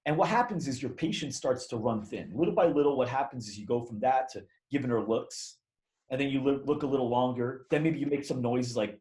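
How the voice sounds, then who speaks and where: Brief: casual male interview guest, lively storyteller, salty language, average pitch. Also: fairly quick. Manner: animated, rambling, swears casually. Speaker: podcast guest.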